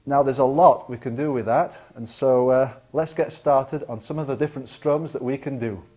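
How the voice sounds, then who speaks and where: A man's voice: mid-range voice, steady tone, moderate pace, a little mellow. A man teaching the ukulele, explaining patiently step by step as he demonstrates. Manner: patient, counts beats aloud while demonstrating. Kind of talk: instructional lesson. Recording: slightly dull lo-fi video recording. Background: ukulele playing.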